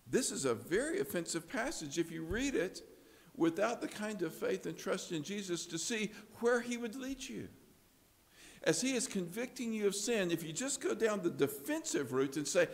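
Man preaching, kinda gravelly, earnest, goes quiet then punchy, big echoey church hall. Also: a little high, very animated, normal speed. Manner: earnest, swinging from hushed to emphatic. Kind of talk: expository sermon. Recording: long reverb of a large hall.

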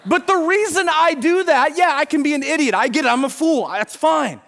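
A middle-aged male pastor preaching an animated sermon, acting out Bible scenes and sometimes shouting. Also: very high-pitched, moderate pace.

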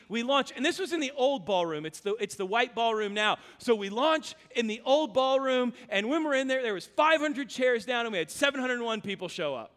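Male pastor, high voice, storytelling sermon, echoing hall. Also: lively intonation, moderate pace, hardly any pauses. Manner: storytelling, drops to a hushed voice for emotional moments. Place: large hall with reverb. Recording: reverberant hall.

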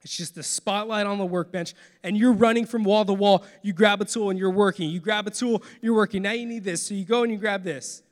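High-voiced pastor preaching in a reverberant hall. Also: male voice, steady tone, fairly quick, hardly any pauses. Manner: earnest, swings from soft to forceful. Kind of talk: sermon.

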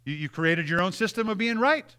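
Preacher doing god as a chill matter-of-fact guy, bright voice, a bit high. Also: animated, brisk, clear, resonant tone. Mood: correcting. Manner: casual, matter-of-fact correcting. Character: patient, plain-spoken God, a male deity.

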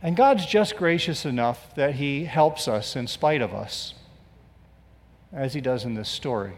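A man's voice: medium pitch, expressive, measured pace, big-room sound. A male pastor preaching a sermon, telling the story with sarcastic asides and acted-out quotes.

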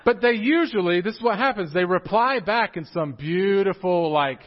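A man's voice: high voice, normal speed, highs cut off. A young man preaching a casual, joking sermon to his congregation. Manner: joking, animated, talks straight to the congregation. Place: church sanctuary.

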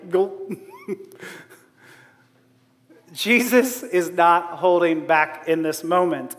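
A man's voice: high-pitched, fairly even intonation, slow, pauses often, fairly bright tone. A man preaching a sermon in a humorous, self-deprecating way, laughing often. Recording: long hall reverb.

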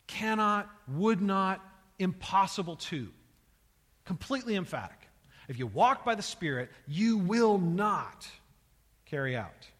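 Man, pastor, preaching, emphatic, repeats himself, slightly high pitch, long hall echo. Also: very animated, measured pace, a bit bright. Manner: emphatic, repeats words, builds in intensity. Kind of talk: sermon.

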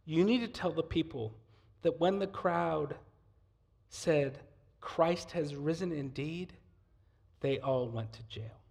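A man's voice: on the high side, slow pace, vocal fry, darkish tone, breathy edge, full character voice. A man voicing an earnest, grateful Russian woman churchgoer who speaks with a heavy Russian accent.

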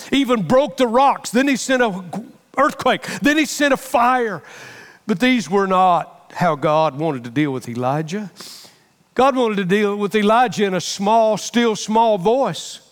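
Middle-aged male pastor, high voice, impassioned sermon delivery, long church reverb. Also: animated, measured pace, fairly bright tone. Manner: impassioned, repeats phrases for emphasis.

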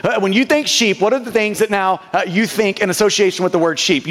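A man with a high voice preaches to his congregation, pressing points hard and tripping into repeated starts of words. His sermon rings out with the long reverb of a big hall. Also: fairly quick, fairly bright tone. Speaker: pastor.

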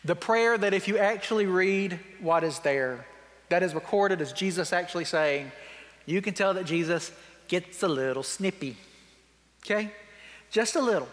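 A man pastor preaching a sermon, retelling scripture in casual everyday words, wry and emphatic, sometimes dropping to quiet reflection. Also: sits high, long reverb tail. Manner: conversational storytelling, paraphrasing scripture in everyday speech.

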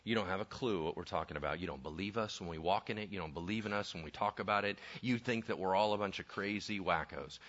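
A man preaching a lively sermon, conversational and full of rhetorical questions. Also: low-pitched, quick pace, few pauses. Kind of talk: animated sermon with acted-out voices. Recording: dull lo-fi sound.

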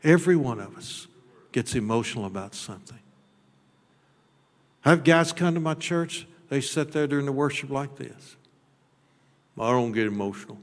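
A man preaching a sermon as pastor. His delivery is folksy and blunt, with repeated words, and it swings between shouted high peaks and low, close talk. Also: normal speed, long pauses. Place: church sanctuary. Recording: long hall reverb.

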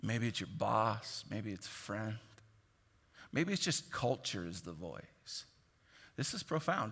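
A man preaching a sermon in an animated, jokey way, acting out the voices of the people he quotes. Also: fairly low pitch, takes it slowly, vocal fry, breathy edge. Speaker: pastor. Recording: long hall reverb.

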